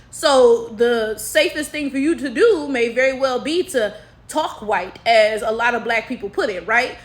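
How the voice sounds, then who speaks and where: A woman's voice: high voice, a bit bright. A young woman from Detroit with a Detroit African American accent, giving emphatic casual commentary full of rhetorical asides. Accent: Detroit African American English. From Detroit, USA. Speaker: commentary vlogger.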